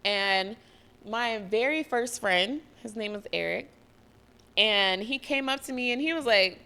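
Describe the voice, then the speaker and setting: Energetic woman podcaster. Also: a little high, measured pace, smooth. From US (Georgia). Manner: energetic, profane, acts out quoted voices. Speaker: podcast host. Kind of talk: motivational solo podcast talk.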